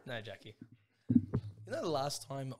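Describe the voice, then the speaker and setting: A man's voice: medium pitch, big pitch swings, a little slow, very noisy. A young man co-hosting a podcast, leading the casual chat and teasing his friends. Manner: teasing, leads the conversation. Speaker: podcast co-host.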